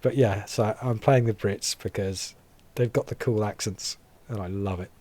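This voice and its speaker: A man's voice: lowish voice, moderate pace, darkish tone. Wry English man narrating gameplay. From England. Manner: chatty, wry and grumbling. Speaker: gameplay commentator. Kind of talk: casual gameplay commentary.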